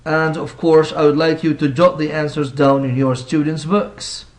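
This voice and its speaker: In a slightly high, level-toned voice, a male English teacher presents a recorded lesson. He takes his time explaining, restates ideas, and poses rhetorical questions to his class.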